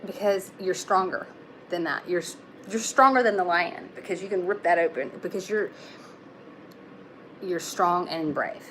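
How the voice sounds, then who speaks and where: A woman's voice: fairly low pitch, normal speed, pauses often, fairly bright tone, slight background noise. A young woman giving a casual live tarot reading, talking in a chatty, reassuring way with lots of fillers. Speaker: tarot reader.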